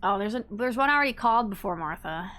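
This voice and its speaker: A woman's voice: medium pitch, lively intonation, fast talker, fairly bright tone. A woman streaming a story game, chatting casually and thinking aloud at a desk microphone as she picks options. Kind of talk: casual gameplay commentary.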